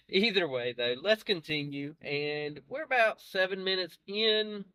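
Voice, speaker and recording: Man, reaction host, casual chat, rambling, chuckling, fairly high voice, dry room. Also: lively intonation, takes it slowly, bright, forceful tone, smooth, no echo. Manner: rambling, self-correcting, chuckling.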